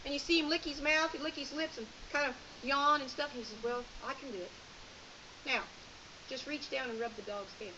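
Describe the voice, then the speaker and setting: A woman's voice: high-pitched, fairly quick. A woman, coaching a student as a sheepdog trainer at an outdoor clinic, directive and chatty, explaining as she goes. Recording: muffled outdoor recording with hiss.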